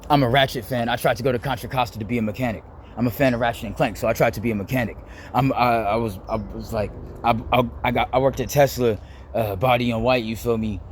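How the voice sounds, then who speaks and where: A young man, rambling casually to camera, full of "like" and quick to laugh. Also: medium pitch, steady tone, slight background noise. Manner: rambling, heavy use of "like", laughs easily. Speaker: vlogger.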